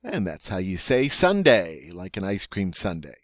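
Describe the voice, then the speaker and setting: A man teaching French vocabulary, playful and joking, saying each word slowly and twice before giving its meaning. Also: low-pitched, huge pitch swings, dry recording, studio quality. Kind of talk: vocabulary lesson.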